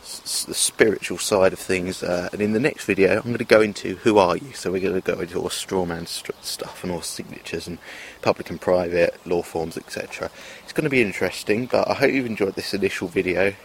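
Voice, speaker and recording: This vlogger's voice is fairly low, creaky and steady, moving at a fairly quick clip with few pauses. Still, he rambles, hesitating and restarting often through his self-filmed monologue, over a faint hiss of noise.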